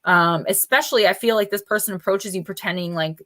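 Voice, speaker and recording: A woman's voice: fairly low pitch, steady tone, brisk, fairly bright tone. Chatty woman doing live card readings. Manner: chatty and informal, with loose fillers and mild swearing. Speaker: oracle card reader hosting a live stream. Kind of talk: casual live card reading, addressing viewers by name.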